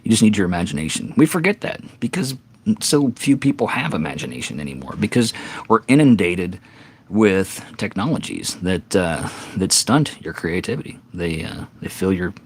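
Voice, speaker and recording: A man's voice: sits low, very animated, normal speed, slightly rough. A middle-aged man, out of breath, giving rambling, earnest advice in a casual live-stream chat between songs. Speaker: singer-songwriter streamer.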